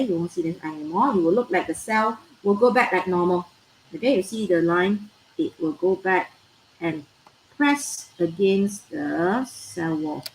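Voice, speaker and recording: Malaysian English teacher in an echoey room. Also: female voice, medium pitch, a little mellow. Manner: repetitive, checks understanding with "all right?" and "okay?". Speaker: biology teacher. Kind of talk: recorded online class lecture. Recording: echoey room with faint noise.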